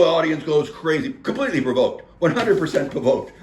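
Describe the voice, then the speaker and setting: A man's voice: mid-range voice, lively intonation, fairly quick, a little hiss or hum. Chatty man in an echoey room. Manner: chatty, filler-heavy, acts out quotes. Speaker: local government meeting recapper. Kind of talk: casual spoken recap. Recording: roomy echo.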